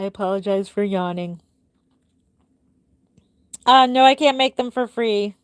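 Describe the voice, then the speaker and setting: In a dry recording, a woman speaks smoothly and slowly, pausing often. She's a middle-aged reborn doll maker hosting a live stream from home, chatting casually and answering viewer comments one by one, drifting soft and low at the close of her thoughts.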